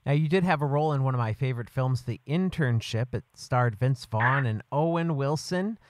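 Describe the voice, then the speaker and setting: A man co-hosting a podcast, chatting in a relaxed, conversational way. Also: medium pitch, normal speed, no echo. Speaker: podcast co-host. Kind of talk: casual chat.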